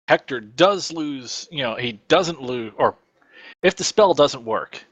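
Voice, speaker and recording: A man's voice: medium pitch, animated, unhurried, a bit bright, no echo, muffled recording. Laughing man bargaining at the game table. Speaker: player. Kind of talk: casual tabletop role-play chat.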